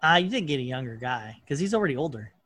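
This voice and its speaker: A man's voice: medium pitch, sing-song, fairly bright tone, no room sound. Profane rambling man, dry sound. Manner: rambling, profane, with quick restarts. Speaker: podcast host. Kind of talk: casual chat.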